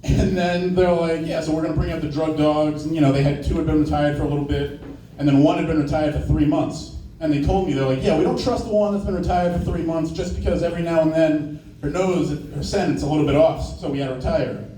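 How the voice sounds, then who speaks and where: A young male comic tells loose, profane stories in a fairly high voice with a dark, mellow tone. He stands back from the mic, so the sound is roomy and echoey, with a faint hiss underneath. He slips into quick put-on voices while he tells stories. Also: fairly even intonation, far from the mic. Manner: casual, profane storytelling with brief put-on voices. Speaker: stand-up comedian. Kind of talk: stand-up set. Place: small open-mic room.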